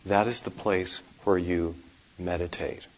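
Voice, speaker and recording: A male monk giving a dharma talk in a low, husky voice. He paces his words slowly and deliberately, with dry, wry humor. His voice stays slightly breathy throughout. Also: fairly even intonation, rough recording. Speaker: Buddhist monk teacher.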